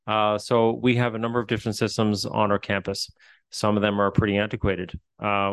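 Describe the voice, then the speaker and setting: Gravelly Newfoundland man, low and flat. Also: dry recording. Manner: hesitant, many fillers and restarts. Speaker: facilities administrator. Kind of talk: answering questions at a meeting.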